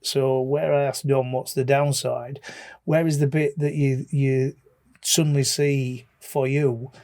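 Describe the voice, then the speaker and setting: A man hosts a podcast and asks questions in a teasing, joking way. His voice is a touch higher than most men's. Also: mellow. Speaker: podcast host. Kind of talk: casual chat.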